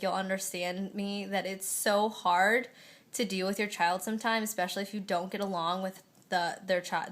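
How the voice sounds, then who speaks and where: A woman's voice: medium pitch, fairly bright tone. A young woman chatting at home in a rambling, emotional way, laughing often as she gives a pregnancy update. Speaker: vlogger. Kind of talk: casual pregnancy update vlog.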